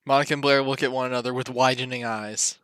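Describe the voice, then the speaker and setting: Man, stage-direction reader, matter-of-fact, bright, smooth, dry. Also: mid-range voice, steady tone, fast talker, no echo. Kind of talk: reading stage directions aloud.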